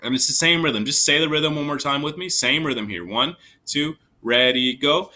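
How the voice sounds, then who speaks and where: A male elementary music teacher guides children through a recorder lesson. His voice is bright and forward at a middle pitch, and he stays patient and reassuring, counting beats aloud and telling them squeaks are okay. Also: normal speed, hardly any pauses.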